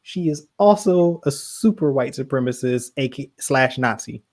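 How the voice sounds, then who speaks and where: A man co-hosting a podcast in casual chat, animated, with quick asides and laughs. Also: mid-range voice. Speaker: podcast co-host.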